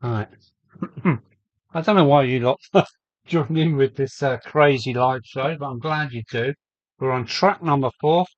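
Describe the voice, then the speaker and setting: Slow, chatty man hosting a live stream. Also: mid-range voice, dry recording, lo-fi sound. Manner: chatty, rambling, greets viewers by name. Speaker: host of a model railway live stream. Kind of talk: casual live-stream chat. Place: home loft with a model railway layout.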